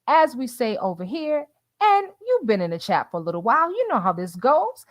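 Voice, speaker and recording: A woman's voice: on the high side, very animated, moderate pace, no echo. A woman hosting a casual livestream who chats with her viewers, calls them y'all and laughs often. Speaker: livestream host reading the chat.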